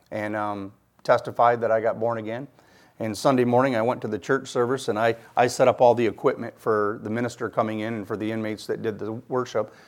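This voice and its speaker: A middle-aged man from Michigan, speaking at a medium pitch, shares his personal faith testimony. He tells it earnestly and acts out the voices of the people he quotes.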